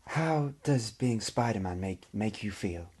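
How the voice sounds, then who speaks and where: A man playing a mock-serious male TV reporter, asking deadpan questions in a comedy interview. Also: lowish voice, unhurried, a little hiss or hum.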